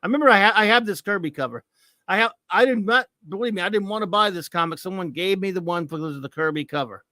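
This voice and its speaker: A man's voice: sits high, quick pace, pushed and bright, dry recording, clean studio sound. A middle-aged American man hosting a comics talk show, ranting about a comic with mocking scorn. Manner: scornful, mocking, repetitive rants.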